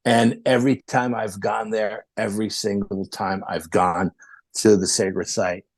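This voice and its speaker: Low-voiced man telling a rambling story. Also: measured pace, breathy edge, no echo. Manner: rambling, animated retelling with quoted dialogue. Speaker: podcast guest. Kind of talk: casual storytelling.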